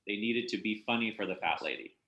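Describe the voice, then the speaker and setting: A man with a lowish voice talks over a book in a relaxed conversation. He is thoughtful and halting, full of ums and restarts. His voice rings in an echoey room. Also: lo-fi sound. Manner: hesitant, thoughtful, many fillers and restarts. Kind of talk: casual literary discussion.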